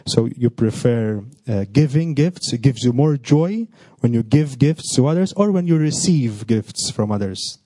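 Gentle priest with a foreign accent. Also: male voice, mid-range voice, expressive, measured pace, no room sound. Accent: non-native English. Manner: gentle, coaxing, repeats questions, ends with "no?" and "okay?". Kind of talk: gospel reading, then chatting with children.

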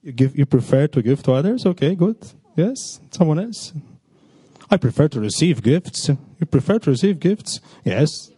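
A man who is a priest with a non-native English accent. He reads a gospel passage, then gently questions children, ending his sentences with tag words. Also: on the high side, very animated, normal speed, breathy edge, no echo. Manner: gentle, coaxing, repeats questions, ends with "no?" and "okay?".

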